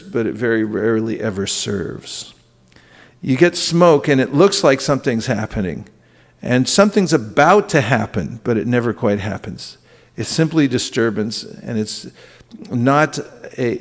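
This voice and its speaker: A man giving a scripture class at a temple, speaking in a relaxed, halting way with many fillers and recited Sanskrit verses. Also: mid-range voice. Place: temple hall. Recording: long hall reverb.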